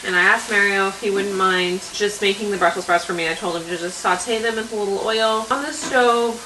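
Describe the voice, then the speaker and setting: A woman's voice: mid-range voice, fairly quick, background noise. Chatty young woman vlogging at home. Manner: rambling, chatty, lots of fillers and asides. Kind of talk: casual vlog chat. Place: home kitchen.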